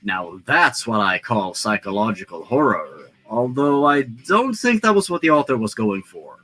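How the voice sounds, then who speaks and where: A man's voice: fairly low pitch, moderate pace. A man reading a horror story aloud, breaking in with wry, joking remarks. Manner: animated, wry, joking interjections. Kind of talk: dramatic reading with sarcastic asides.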